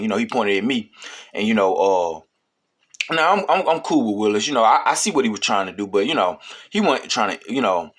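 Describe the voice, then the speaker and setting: A man's voice: on the low side, animated, a little fast, a bit bright. A man telling a story in a casual, rambling, profane way, with many fillers.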